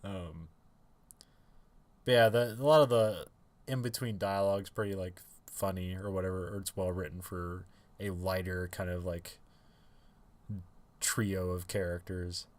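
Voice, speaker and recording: A man's voice: sits low, fairly even intonation, a little slow, long pauses. A man co-hosting a podcast in casual chat, rambling with many fillers and restarts and laughing often. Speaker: podcast co-host.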